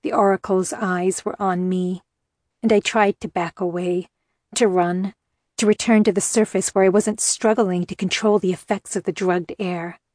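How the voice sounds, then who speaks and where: A woman's voice: lowish voice, steady tone, normal speed, a little mellow, no echo, clean studio sound. A woman reading a first-person story aloud with tense, emotional delivery. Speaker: audiobook narrator. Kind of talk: first-person audiobook narration.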